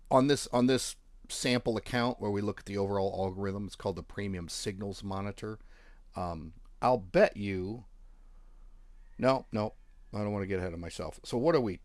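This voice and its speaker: Low-voiced man walking through trade charts. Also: dry recording. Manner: offhand, joking, talks while clicking through charts. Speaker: forex trading channel host. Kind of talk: casual screen-share walkthrough.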